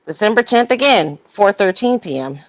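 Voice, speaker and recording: A woman's voice: mid-range voice, animated, normal speed. A woman hosting a live stream, reading out text messages with sarcastic, blunt commentary. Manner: sarcastic, blunt, mocking asides. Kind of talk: comedic parody reading with commentary.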